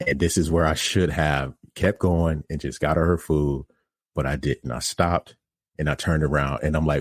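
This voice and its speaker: A man's voice: very deep voice, fairly even intonation, moderate pace, slightly rough, no room sound, clean studio sound. A man hosting a podcast who tells a casual, candid story about running a pizza shop and looks back on his own mistakes. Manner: candid, self-critical, conversational. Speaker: podcast host and pizza restaurant operator.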